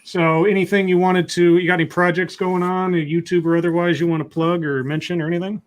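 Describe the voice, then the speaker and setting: A man's voice: high voice, fairly quick. Casual joking man hosting a stream. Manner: relaxed, joking, many fillers and restarts. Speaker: livestream host. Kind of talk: casual call-in chat.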